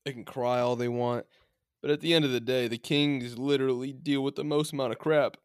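A man's voice: medium pitch, fairly even intonation, a little fast, clear, resonant tone, dry recording, clean studio sound. A man co-hosting a casual sports podcast, making earnest arguments about the games. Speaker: podcast co-host.

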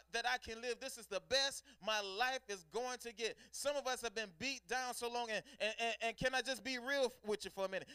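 A man's voice: very high-pitched, bright, forceful tone, smooth, no room sound, clean studio sound. A man preaching a fervent sermon, repeating phrases and calling on the congregation to respond.

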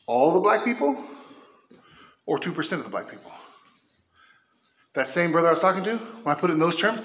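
A man delivers a sermon from the pulpit as pastor. His voice sits a little high for a man, and the church around him rings with echo. He races through asides, then slows into emphatic, impassioned declarations. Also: very animated, a bit bright.

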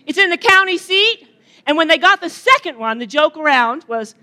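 A woman's voice: extremely high pitch, expressive, normal speed, sharp tone. A middle-aged woman giving a chatty opening talk at a retreat, joking and bantering with the audience. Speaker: retreat speaker.

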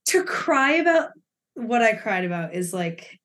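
A young woman co-hosting a podcast, telling a story in casual chat with an animated, laughing, swearing delivery. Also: a little high, measured pace. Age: young adult. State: emotional. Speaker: podcast co-host.

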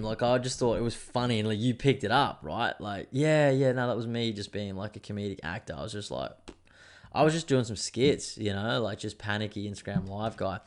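A young man with a somewhat low voice talks through a loose, wandering monologue as host of his own show. He drifts off topic often and swears without a second thought. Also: animated, a little fast. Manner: rambling, digressive, swears freely. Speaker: podcast host. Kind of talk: casual monologue.

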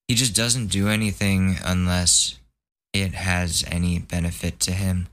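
A man's voice: deep voice, flat delivery, measured pace, a bit bright. A young man hosting a podcast, telling a long profane story in a casual, exasperated way and mocking others in put-on voices. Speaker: podcast host. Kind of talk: casual ranting monologue.

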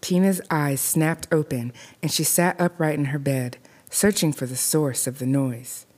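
A woman narrating a scripted horror story in a measured, deliberate way. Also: low voice, fairly even intonation, a little mellow.

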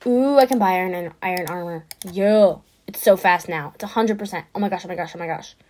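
A woman giving casual gameplay commentary, chatty and excitable, who often drops into a whisper. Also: on the low side, fast. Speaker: gaming podcaster.

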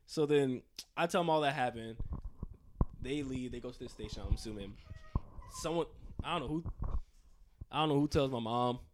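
A man's voice: mid-range voice, normal speed, pauses often, a little hiss or hum. A young man casually telling a story, acting it out with sound effects and voices, swearing freely. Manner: animated, acts out scenes with sound effects and quoted voices; profane, slangy.

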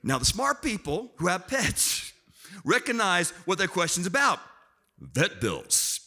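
A middle-aged man preaching a sermon, telling personal stories in a lively way and acting out his family. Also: high voice, measured pace, breathy edge. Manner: animated storyteller, acts out family members in raised voice. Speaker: pastor.

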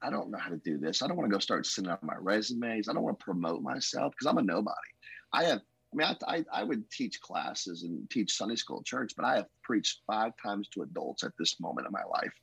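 A man who is a pastor telling his life story in an emotional, earnest way, with a husky voice. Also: lowish voice, sing-song, fast talker, a bit bright, no room sound, rough recording. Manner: emotional, earnest, says "man" and "bro" often. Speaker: pastor, podcast guest. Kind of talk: testimony storytelling.

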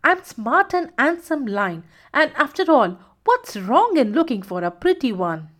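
A woman's voice: high-pitched, big pitch swings, measured pace, fairly bright tone, heavily acted. A woman voicing a proud, headstrong young male lion who speaks in a self-assured, stubborn way.

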